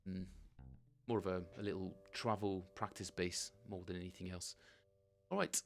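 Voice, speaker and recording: A middle-aged man, a bassist, chatting casually to viewers on his live practice stream, rambling and correcting himself as he goes. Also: steady tone, normal speed, gravelly, faint music behind. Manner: rambling and self-correcting, chuckling often.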